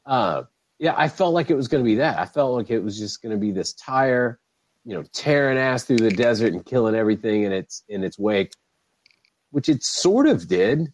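A man hosting a casual podcast chat, animated and swearing freely, laughing often. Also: mid-range voice, moderate pace, low-quality recording. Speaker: podcast host.

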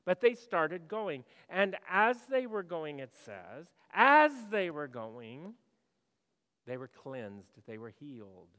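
A male pastor delivers a sermon in a clear, resonant voice that sits a little high for a man. He talks to the congregation conversationally and poses questions, moving from loud to hushed. The long reverb of a church hall follows every word. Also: measured pace, few pauses.

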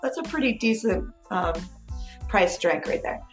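A woman's voice: medium pitch, expressive, measured pace, reverberant, faint music behind. A woman co-hosting a podcast, telling a story in casual chat, acting out quotes and laughing often. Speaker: podcast co-host.

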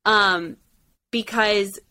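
A woman's voice: medium pitch, steady tone, extremely slow, bright, forceful tone, smooth. A woman co-hosting a casual chat about a dating show, talking emphatically and firing off rhetorical questions. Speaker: podcast co-host.

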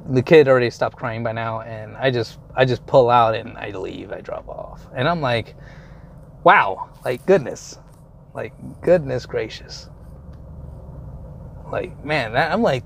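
A man's voice: medium pitch, moderate pace, vocal fry, slight background noise. A young adult man telling a story in a casual monologue, rambling along with lots of fillers and casual swearing.

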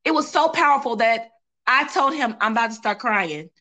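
Singer guest, woman, bright higher voice, animated storyteller who acts out dialogue. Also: moderate pace. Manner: animated, quotes others, repeats phrases for emphasis. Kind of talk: casual interview, emotional storytelling.

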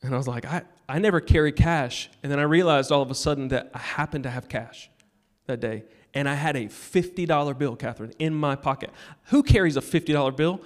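A male pastor giving a sermon, telling a personal story and urging the congregation, moving between loud appeals and hushed moments. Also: fairly high pitch, fairly quick, hardly any pauses. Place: church sanctuary.

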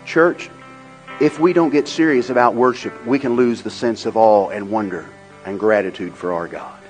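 A man preaching a sermon. He swings between loud, rhythmic, repeated phrases and a low, quiet storytelling tone, over faint music. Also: normal speed, rough recording. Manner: swells into loud, rhythmic repetition. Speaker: pastor.

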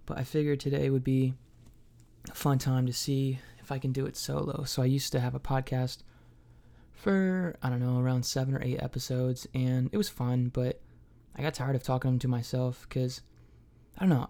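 A man's voice: medium pitch, creaky, warm tone. A young man hosting a solo podcast, telling a story in a casual, profane, self-mocking comic way. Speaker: podcast host.

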